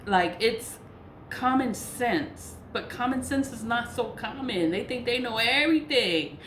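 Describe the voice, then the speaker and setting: A woman's voice: on the high side, lively intonation, measured pace, a bit bright. Woman, blunt, swears a lot, casual rant, roomy echo, faint hiss. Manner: blunt, profane, laughs between points. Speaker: spiritual practitioner. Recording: echoey room with faint noise.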